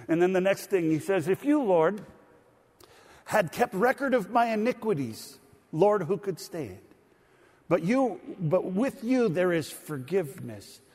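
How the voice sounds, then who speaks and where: Male pastor, fairly high voice, conversational sermon, long church reverb. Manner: conversational, explains words plainly. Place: church sanctuary.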